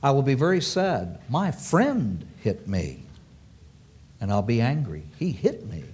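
A man's voice: mid-range voice, very animated, a little slow, darkish tone, husky. A man preaching a sermon to an audience, emphatic and repeating key phrases for weight.

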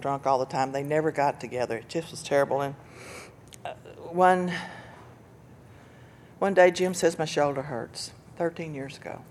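An older woman giving an earnest personal testimony about recovery and loss, telling her story with bursts of laughter and loud quoted lines. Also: low voice, slight background noise. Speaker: speaker sharing recovery story.

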